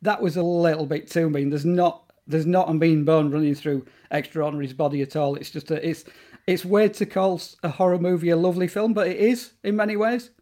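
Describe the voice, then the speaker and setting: A man's voice: fairly high pitch, steady tone, fairly quick, dark tone. A man talking as a guest in a casual interview about horror films, enthusiastic and rambling, with plenty of fillers and restarts.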